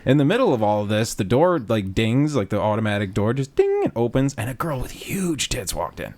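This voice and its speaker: A man hosting a podcast, telling a story casually, with lots of swearing and sudden loud shouts when he acts out a scene. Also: medium pitch, brisk. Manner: animated, profane, bursts into loud yelling when re-enacting. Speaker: podcast host.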